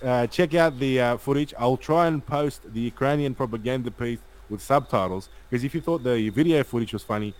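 A man's voice: medium pitch, fairly quick, few pauses, poor audio. Rambling man hosting a live stream. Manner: rambling, reads viewer comments aloud, rallying sign-off. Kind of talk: casual live stream chat.

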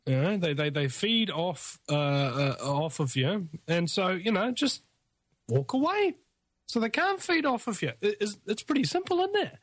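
A male radio host in a casual interview chat, talking in a rambling, animated way with many restarts. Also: high voice, moderate pace, no room sound.

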